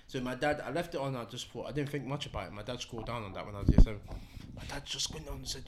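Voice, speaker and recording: A man's voice: mid-range voice, rapid-fire, heavy background noise. Young man telling a story. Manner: slangy storytelling, laughs often. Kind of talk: casual chat among friends.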